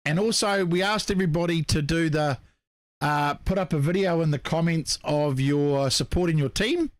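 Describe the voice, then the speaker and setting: In a dry recording, a co-host from New Zealand with a fairly high voice speaks at a moderate pace. It's casual live-stream chat: he reads viewer comments, apologizes, and chats along as his voice gives out.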